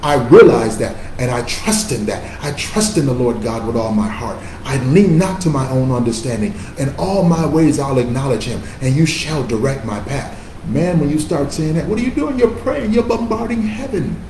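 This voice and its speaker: A man's voice: mid-range voice, expressive, moderate pace, hardly any pauses, darkish tone, slight background noise. Emphatic preacher man, echoey room. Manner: emphatic, conversational preaching with call-and-response. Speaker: pastor. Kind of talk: sermon.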